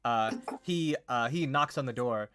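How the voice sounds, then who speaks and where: A man's voice: medium pitch, unhurried, over loud music. A young man narrating a tabletop game as game master, casual and rambling with lots of fillers.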